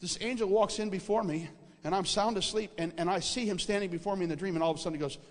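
A man preaching a sermon, telling a dream in an animated storytelling way that repeats words for emphasis and checks in with his audience. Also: high voice, fast. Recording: reverberant hall.

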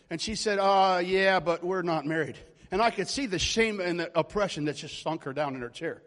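Male preacher, forties, high voice, storytelling sermon that builds to loud calls, reverberant hall. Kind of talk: charismatic sermon.

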